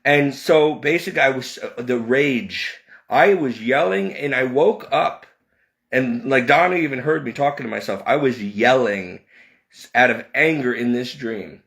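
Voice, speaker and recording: A man telling a personal story in a rambling way, with restarts and repeated words, his pitch climbing when he relives his anger. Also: unhurried, vocal fry, fairly bright tone. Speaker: video creator.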